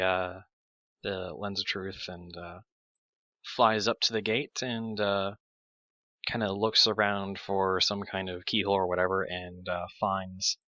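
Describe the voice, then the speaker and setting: A man running a tabletop game as game master, describing scenes haltingly with many pauses and fillers. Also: low-pitched, pushed and bright, no room sound, lo-fi sound.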